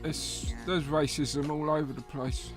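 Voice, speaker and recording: A man's voice: fairly high pitch, level tone, unhurried, soft background music. Blunt man in casual chat.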